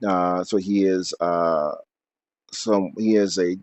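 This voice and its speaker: A man's voice: low-pitched, steady tone, slow pace, a little mellow, no room sound. A man reading aloud from his book, then explaining at length off the cuff with many fillers and restarts.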